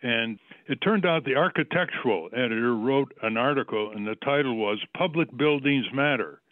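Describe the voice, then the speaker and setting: A man's voice: medium pitch, normal speed, no echo. A man hosting a radio talk show, interviewing a guest and arguing his case in numbered, emphatic points. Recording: dry tinny phone-like line.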